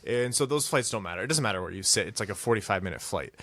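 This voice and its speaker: A man co-hosting a casual hockey podcast, ranting with animated, self-mocking humor. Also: lowish voice, very fast. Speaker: podcast co-host.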